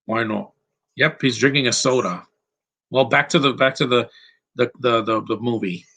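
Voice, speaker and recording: Bright-voiced rambling man. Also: mid-range voice, normal speed, creaky. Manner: rambling, blunt, goes off on tangents. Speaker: movie commentator. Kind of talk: casual live movie commentary.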